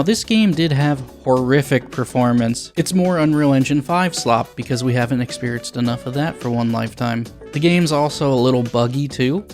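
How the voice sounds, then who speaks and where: A young man reviewing a video game, blunt and sarcastic with crude jokes. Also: medium pitch.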